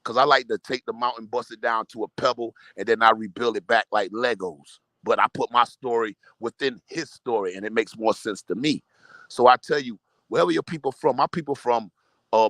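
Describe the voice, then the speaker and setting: A man's voice: mid-range voice, fairly bright tone, no room sound. A man in casual group discussion, talking loosely in slang and building long metaphors. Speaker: truck driver and caller.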